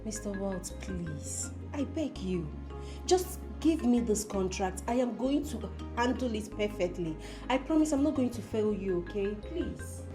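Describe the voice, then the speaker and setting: A woman's voice: medium pitch, lively intonation, a little slow, music in the background, lightly acted. A Nigerian woman playing someone who begs a businessman for a contract. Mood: pleading. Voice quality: pleading. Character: young woman begging for a contract.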